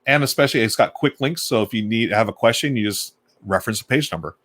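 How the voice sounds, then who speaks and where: A man's voice: medium pitch, fast talker, fairly bright tone. A man hosting a casual live stream, chatting enthusiastically to viewers while unboxing a board game and snacking, with plenty of fillers as he thinks aloud. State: munching snacks while talking. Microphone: desk microphone on a live stream.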